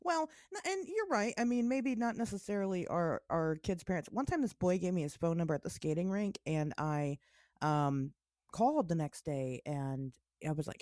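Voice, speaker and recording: A woman's voice: on the low side, expressive, a little fast, darkish tone, no echo, clean studio sound. A woman co-hosting a podcast, telling a rambling story with lots of laughs and swearing. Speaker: podcast co-host. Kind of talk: casual storytelling chat.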